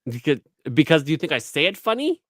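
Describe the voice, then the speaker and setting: A man with a Canadian accent, a guest on a casual podcast chat, joking and animated and mimicking others. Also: on the high side, quick pace, no room sound.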